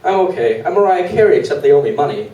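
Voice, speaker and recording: A woman's voice: low voice, sing-song, fast, dark tone, lo-fi sound. A young man voicing a muddled, slightly cross customer woman who talks in vague, insistent fragments, recorded live from a distant mic in an echoey room.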